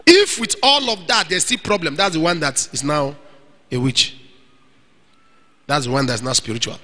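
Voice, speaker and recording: A man preaching a sermon to young single men, animated and playful, acting out little scenes. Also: on the high side, moderate pace, in a large hall. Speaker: pastor.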